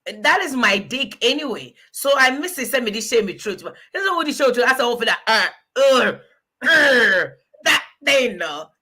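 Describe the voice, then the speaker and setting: A woman's voice: fairly high pitch, sing-song, normal speed, few pauses, sharp tone, slightly rough. A woman in her forties chatting frankly as host, laughing often and switching languages mid-sentence. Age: 40s. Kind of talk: casual chat.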